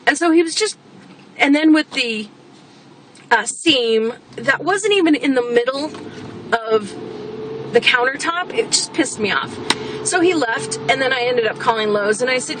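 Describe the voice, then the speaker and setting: A woman's voice: on the high side, moderate pace. A woman venting in a casual, blunt rant as a homeowner, exasperated and swearing freely. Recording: background traffic noise.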